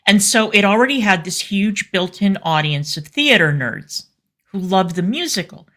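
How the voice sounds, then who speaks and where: A woman co-host with a fairly low-pitched voice talks in casual commentary. She is candid and effusive, and her sentences stop and restart around ums and uhs. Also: fairly bright tone. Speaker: show co-host.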